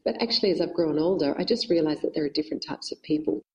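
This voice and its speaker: A woman guest telling travel stories in a casual chat, animated and quick to laugh. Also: deep voice, highs cut off.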